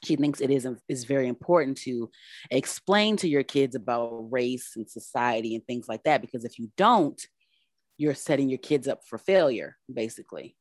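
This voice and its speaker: A woman's voice: very deep voice, animated, normal speed, no room sound. A woman co-hosting a casual chat, talking animatedly with many fillers and restarts.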